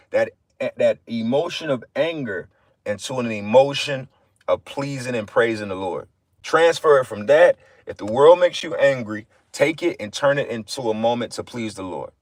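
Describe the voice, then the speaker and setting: A man's voice: medium pitch, no room sound. A man giving an informal livestream sermon, blunt and profane, repeating phrases for emphasis. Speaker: livestream preacher.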